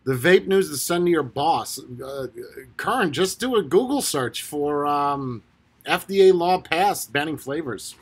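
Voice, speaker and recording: A man's voice: a little high, lively intonation, unhurried, breathy edge. A man hosting a casual live stream, reading out and answering viewers' comments, often breaking into laughter and swearing casually. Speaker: livestream host reading chat.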